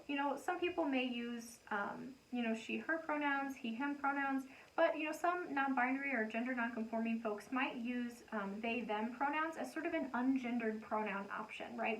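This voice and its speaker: A young woman teaching a casual lesson, talking through examples with frequent ums. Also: on the high side. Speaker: educator. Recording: slightly distant mic, faint noise.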